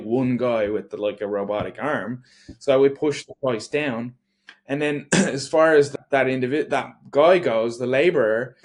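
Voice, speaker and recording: A man's voice: mid-range voice, darkish tone. A man talking casually on a podcast, rambling through a thought with lots of restarts. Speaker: podcast co-host.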